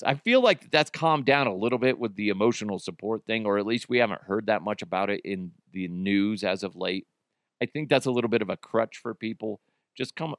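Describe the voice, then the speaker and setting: A man's voice: fairly low pitch, dry recording, clean studio sound. A man hosting a comedy podcast, riffing crudely and swearing freely as he jokes about the news. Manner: crude, joking, profane. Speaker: podcast host. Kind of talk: casual comedic podcast monologue.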